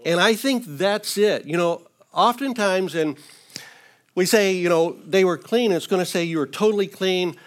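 A man's voice: sits high, normal speed. A man teaching through a Bible passage verse by verse in an informal, earnest way, with touches of light humor.

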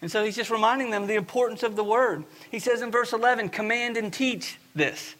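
High, bright-voiced man preaching earnestly. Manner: earnest, emphatic, often slows for stress. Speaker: pastor. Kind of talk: sermon.

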